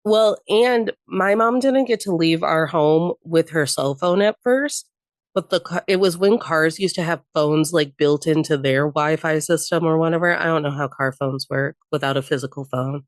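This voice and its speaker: Deep-voiced and speaking at normal speed, this young adult woman is a guest on a podcast, recorded with no room sound. Her casual chat is full of candid personal stories, frequent laughter and the odd swear.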